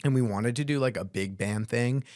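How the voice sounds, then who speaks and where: A man's voice: mid-range voice, moderate pace, a little mellow, no echo, clean studio sound. A young man telling tour stories in a casual podcast chat, laid-back and slangy, with lots of "bro" and "like.". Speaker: guest vocalist.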